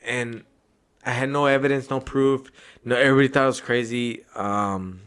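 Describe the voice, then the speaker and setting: A man's voice: medium pitch, fairly even intonation, normal speed, fairly bright tone, clear, resonant tone. A man hosting a podcast, telling a story in loose, profane, rambling casual chat. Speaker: podcast host.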